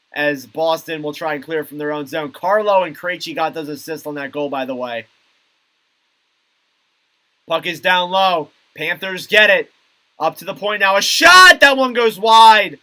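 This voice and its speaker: High, bright young amateur hockey caller. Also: male voice. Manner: rapid play-by-play that erupts into shouting on goals. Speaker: live hockey commentator. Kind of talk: live amateur play-by-play commentary.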